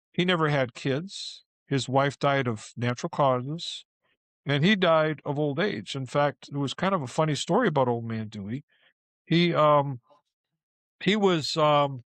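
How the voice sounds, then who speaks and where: A man's voice: mid-range voice, dry recording. A man who works as a ghost tour guide, telling a story casually and acting out the people in it. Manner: animated, acts out the people in his stories.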